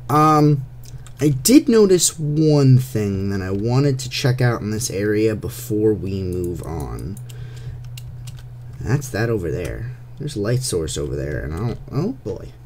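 A man's voice: lowish voice, very animated, takes it slowly, darkish tone, a little hiss or hum. Young man chatting over his game. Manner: chatty, playful, talks to the monsters. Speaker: gameplay commentator. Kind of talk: casual gameplay commentary. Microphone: desktop USB microphone.

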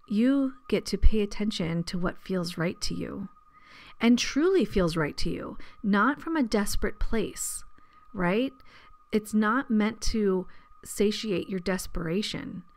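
A woman hosting her own podcast as a medium, talking casually and chattily, laughing often and dropping into soft asides. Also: medium pitch, lively intonation, slow pace. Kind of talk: casual solo podcast talk.

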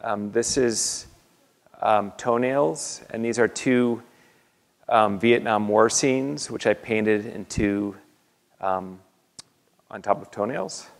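A man, an artist, talking an audience through his slides in a halting way, with many fillers and restarts. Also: fairly low pitch, vocal fry. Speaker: artist giving a lecture. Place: university lecture hall. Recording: long reverb of a lecture hall.

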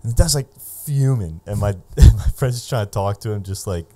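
Young male comic, low mellow voice, loose swearing storyteller, casual pod chat. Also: expressive, normal speed. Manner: loose, profane, lots of fillers. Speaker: guest comedian.

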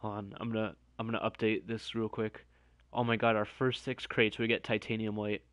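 A man's voice: lowish voice, flat delivery, a little fast, a bit bright, dry recording. A young man doing live stream commentary, chatting directly to his viewers.

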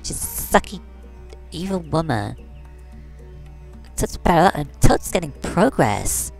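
A woman's voice: sits low, very animated, slow pace, gravelly, darkish tone, faint music behind, full character voice. A woman voicing a vain, catty fashion doll who talks in valley-girl slang and brags while commenting on a game. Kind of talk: comedic game commentary in character.

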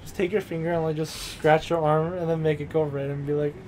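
Give me a crude joking young man, a bit high-voiced. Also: level tone, fast talker, darkish tone, a little hiss or hum. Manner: crude, joking anecdotes full of swearing. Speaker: co-host of a gaming show. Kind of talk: casual let's-play banter. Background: faint game music.

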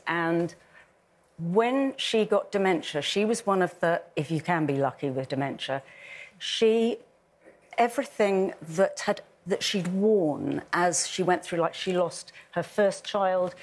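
A woman's voice: lowish voice, unhurried. A middle-aged English woman talking earnestly and emphatically as a guest on a daytime TV panel show, recorded in a studio. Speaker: guest campaigner.

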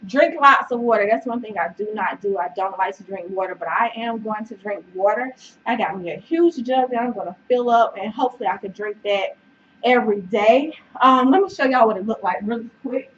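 This fitness vlogger has a mid-range voice and a fairly quick pace, chatting encouragingly to camera with lots of fillers, calling people "y'all" and "child," and sometimes running short of breath. Her recording sounds dull and slightly noisy, the mic some distance off.

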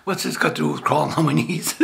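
An older man with a gravelly, rough-edged voice gives a rambling spiritual talk. He jokes and restarts often as he preaches in a loose, homespun way. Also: on the high side, huge pitch swings, a little fast, fairly bright tone. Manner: rambling, jokey, with frequent laughs and restarts. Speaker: lay preacher.

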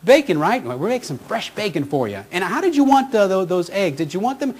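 A man voicing a cheerful woman drive-thru worker in his story, bright and eager to serve. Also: sits high, very animated, fast talker, husky, voice pushed up, exaggerated voice. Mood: cheery.

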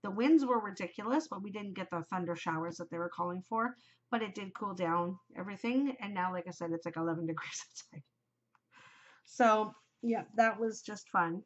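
A woman's voice: mid-range voice, normal speed. Chatty, gushing woman podcast host. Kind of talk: casual chat. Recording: muffled lo-fi home recording.

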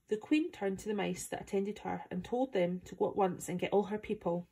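A woman from Scotland reading a children's story aloud with steady, plain storytelling. Her voice is mellow and dark, with a breathy, husky grain. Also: medium pitch, brisk, few pauses. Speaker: volunteer reader.

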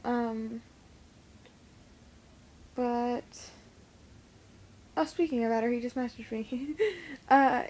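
Slow, hesitant teen girl with a lisp. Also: on the high side, darkish tone, a little hiss or hum. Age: teens. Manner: hesitant, halting with many fillers. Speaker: vlogger. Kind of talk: casual vlog talk to camera. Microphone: phone camera.

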